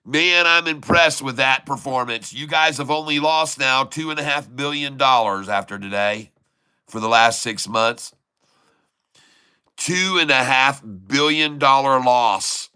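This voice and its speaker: A man hosting a stock trading channel, giving excitable live market commentary, taunting short sellers and repeating prices over and over. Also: medium pitch, a little slow, clean tone, no room sound.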